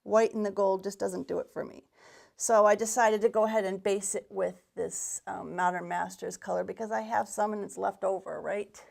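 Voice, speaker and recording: Chatty, slightly breathless woman with gravelly tone. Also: mid-range voice, steady tone, normal speed, darkish tone. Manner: chatty and rambling, with restarts and muttered asides. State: a bit out of breath. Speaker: paint retailer and furniture painter. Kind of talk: live craft demonstration.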